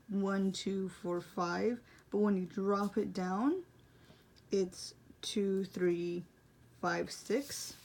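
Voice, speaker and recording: A woman's voice: mid-range voice, a little mellow. A young woman casually explaining braille punctuation, rambling and apologizing for her explanations. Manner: self-deprecating, rambling, apologetic. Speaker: braille teacher. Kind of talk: casual tutorial.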